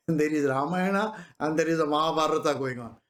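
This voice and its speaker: A man's voice: on the high side, normal speed, fairly bright tone. A man giving a conversational spiritual discourse as a teacher, often asking rhetorical questions and chuckling.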